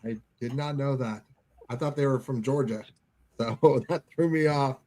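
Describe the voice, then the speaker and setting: A man co-hosting a live call-in show, easygoing and quick to laugh, thanking each caller. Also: mid-range voice, dark tone. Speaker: show co-host.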